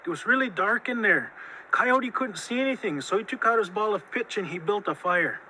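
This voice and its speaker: A man tells a traditional tale in a lively, expressive voice that slows down for key moments. His voice is raised and very bright, with a sharp edge. Faint noise runs underneath. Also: high-pitched, low-quality recording. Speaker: storyteller. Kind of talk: oral storytelling of a traditional tale.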